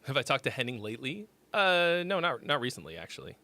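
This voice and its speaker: Talking fast in a very animated, sharp, medium-pitched voice, this forties-aged livestream host critiques songs in a loose, casual chat. He rambles, swears, and keeps cutting himself off to restart.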